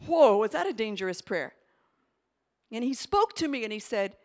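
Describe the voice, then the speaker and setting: A woman preaching a sermon with an emphatic, expressive delivery, swinging between loud and hushed. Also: a little high, normal speed, pauses often.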